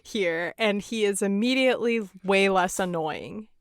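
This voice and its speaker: A woman's voice: medium pitch, clear, resonant tone, dry recording. Chatty woman podcaster, dry sound. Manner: chatty, laughing, fast asides. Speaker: podcast host. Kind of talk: casual chat recapping a film.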